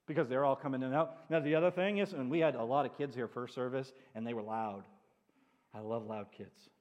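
A man preaching as a pastor, telling stories with animated asides in a church sanctuary. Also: mid-range voice, brisk, lo-fi sound. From New England. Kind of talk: sermon. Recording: long church hall reverb.

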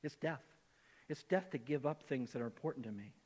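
A man preaching a sermon as pastor, conversational and animated, acting out the voices he quotes. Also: medium pitch, a little fast, big-room sound. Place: church.

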